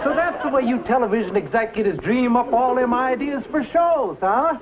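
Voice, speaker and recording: A man's voice: very high-pitched, lively intonation, normal speed, a loud crowd, heavy background noise. A brash shoelace salesman. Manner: brash and folksy. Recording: muffled old TV sound with music and audience.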